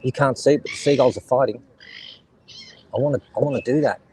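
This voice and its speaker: A middle-aged Australian man talks fairly quickly to his live stream viewers at the seaside, rambling and joking as kids and seagulls carry on around him. His medium-pitched voice is mellow and husky. The audio is poor.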